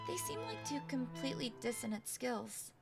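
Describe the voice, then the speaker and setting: Young woman streaming a game, bit high voice, amused playful reads. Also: very animated, moderate pace, vocal fry, music in the background. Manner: bemused, playful. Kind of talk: let's play commentary, reading game text aloud.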